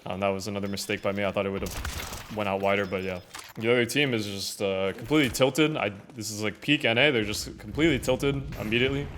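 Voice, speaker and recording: A young man giving casual, filler-heavy commentary over his own gameplay footage, often trailing off quietly. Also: lowish voice, steady tone, fast talker, a little hiss or hum. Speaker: gaming content creator.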